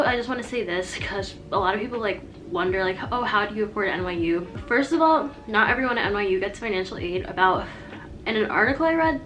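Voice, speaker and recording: Give me a young adult woman talking casually to her viewers, rambling and chatty, at a mid-range pitch for a woman. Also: a bit bright. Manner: chatty and rambling, heavy use of "like". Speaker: college student vlogger. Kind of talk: casual advice vlog.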